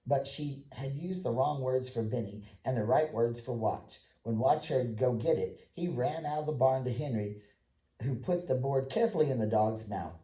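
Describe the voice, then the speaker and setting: Dark-voiced man reading a children's book. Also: medium pitch, normal speed. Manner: plain, even storytelling with small slips. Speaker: audiobook reader. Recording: echoey room.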